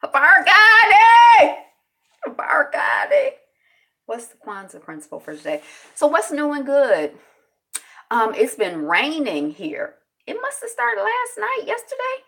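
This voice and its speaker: A woman hosting a casual live news commentary, chatting with viewers and greeting them by name, sometimes breaking into loud exclamations. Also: high voice, huge pitch swings, creaky. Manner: chatty, greets viewers in the chat, quick laughs. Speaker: host of a news commentary channel.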